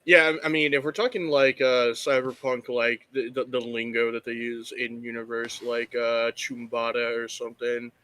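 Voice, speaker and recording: A man's voice: mid-range voice, level tone, moderate pace, hardly any pauses, pushed and bright. A young man who runs tabletop games, chatting casually with lots of fillers and enthusiasm. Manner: rambling, filler-heavy, enthusiastic. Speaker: game master, podcast guest. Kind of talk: casual chat.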